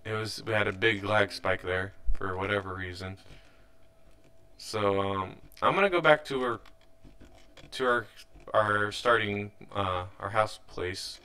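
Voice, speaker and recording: Bright-voiced young man narrating gameplay. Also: fairly low pitch, measured pace, smooth. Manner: rambling, self-correcting, mildly frustrated. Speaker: let's play host. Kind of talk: casual gameplay commentary.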